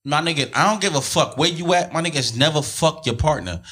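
A man's voice: fairly high pitch, husky. A man hosting a casual podcast conversation, talking over others to finish his point. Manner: fast, forceful, talks over others. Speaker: podcast host.

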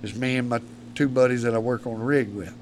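A rough-spoken man telling long, rambling tales in a casual studio chat. His voice sits at an ordinary middle pitch, and a faint hum hangs behind him. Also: steady tone, fast, a little mellow. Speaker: podcast guest, predator hunter. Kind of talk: casual storytelling.

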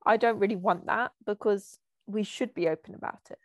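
A woman's voice: medium pitch, fairly even intonation, no room sound, dull audio. Chatty young woman podcaster, dry sound. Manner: fast, chatty, self-deprecating, laughs often. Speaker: podcast co-host. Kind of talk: casual chat. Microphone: remote call.

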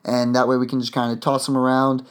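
A man's voice: medium pitch, monotone, fast, smooth. A man hosting a podcast, chatting casually and rambling with lots of fillers and restarts. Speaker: podcast host.

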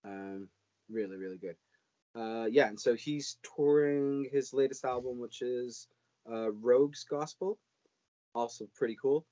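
A man's voice: medium pitch, measured pace, mellow, no echo. A man co-hosting a podcast in casual chat, rambling with many fillers and restarts. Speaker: podcast co-host. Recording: dull lo-fi audio.

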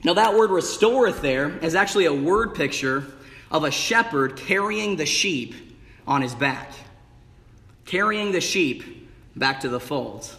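A man's voice: a little high, lively intonation, measured pace, fairly bright tone. A young man preaching a sermon in a church, exuberant and emphatic, calling out "amen" and "hey" as he builds to bursts of energy. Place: church sanctuary. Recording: echoey church hall.

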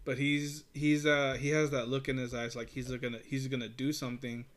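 A man in relaxed casual conversation tells a long, rambling story, peppered with curses and laughs. His voice sits at a middling pitch. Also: brisk. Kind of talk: casual chat.

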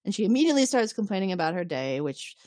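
A woman co-hosting a podcast, retelling an episode in a casual, animated way and acting out the quotes. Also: mid-range voice, rapid-fire, dry recording, clean studio sound. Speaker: podcast co-host. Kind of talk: casual recap chat.

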